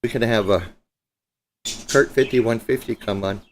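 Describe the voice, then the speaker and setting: A man's voice: lowish voice, measured pace, slight background noise. A man hosting a live guitar stream, chatting loosely and joking with viewers, with a few profane asides. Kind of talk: casual live-stream chat. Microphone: streaming setup mic.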